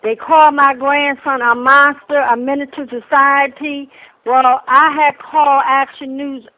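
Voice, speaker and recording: Older philly woman, high voice, mad and repeating herself, tinny phone sound. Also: little pitch movement, measured pace. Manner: angry, emphatic, repeats herself. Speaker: grieving grandmother speaking out. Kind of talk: impassioned public complaint.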